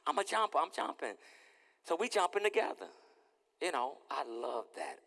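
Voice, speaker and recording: A man preaching as pastor in a lively, playful sermon, acting out little scenes and repeating his words. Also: on the high side, measured pace, creaky, big-room sound. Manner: animated, playful, repeats words, acts out dialogue. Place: church sanctuary.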